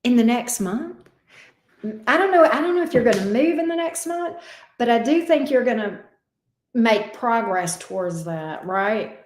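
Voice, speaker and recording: A woman's voice: medium pitch, reverberant, slight background noise. A woman giving tarot readings on a livestream, casual and affectionate, calling her viewers babe and sweetie and swearing lightly. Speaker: tarot reader.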